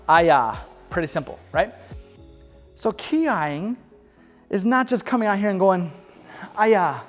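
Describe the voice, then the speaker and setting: A man's voice: sits high, in a large hall. A man teaching a beginner martial arts class, coaching viewers in an upbeat, encouraging way. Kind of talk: home workout class instruction.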